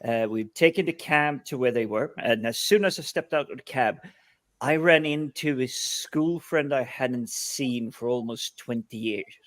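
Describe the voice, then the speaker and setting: A middle-aged man from Sweden talking in a casual conversation, measured and reflective. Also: medium pitch, fairly bright tone, no echo.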